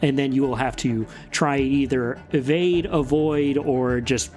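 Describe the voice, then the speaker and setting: A man narrating a tabletop game as game master, in a casual, relaxed way. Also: medium pitch, a little slow.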